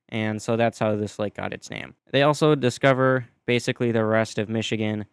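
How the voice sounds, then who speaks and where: A man giving casual, offhand voice-over narration, chatty and loose with frequent fillers and deadpan asides. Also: lowish voice, a little fast, few pauses, smooth, no echo. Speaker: map video creator narrating.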